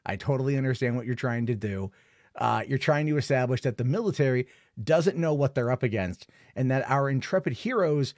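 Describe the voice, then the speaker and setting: A man's voice: mid-range voice, darkish tone, no room sound, studio quality. A man giving a casual spoken film review, rambling with lots of fillers and an amused tone.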